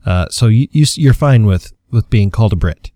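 A man's voice: fairly low pitch, lively intonation, normal speed, mellow, no room sound. Jokey male podcast host, dry sound. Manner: jokey, chatty, upbeat. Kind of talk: casual podcast chat.

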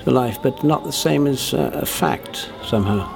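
A man being interviewed about his work, talking in a halting way that keeps doubling back on itself. His voice has a gravelly rasp at a middling pitch. Faint music sits under the conversation. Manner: halting, full of restarts and fillers. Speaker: guest, impressionist performer.

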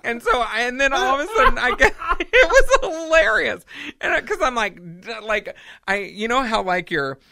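A woman co-hosting a podcast, telling a story in a casual, animated way and laughing often. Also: on the high side, normal speed, gravelly, dry recording. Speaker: podcast co-host.

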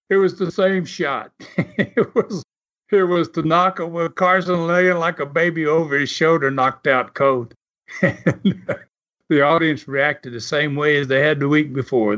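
A man's voice: on the high side, a bit bright. An older man and former wrestler telling folksy stories in an interview, often chuckling as he talks. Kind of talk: storytelling interview. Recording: muffled recording.

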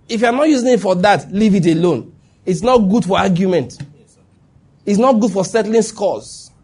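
A man delivers a sermon to a congregation in front of him. His voice sits a little high and sounds husky, and he presses each point hard, repeating himself and asking again and again whether his listeners understand. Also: darkish tone. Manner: emphatic, checks in with listeners. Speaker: preacher. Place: before a live congregation.

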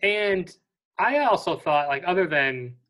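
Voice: medium pitch, lively intonation, measured pace, a bit bright. Conversational podcast co-host. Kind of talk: casual movie review chat.

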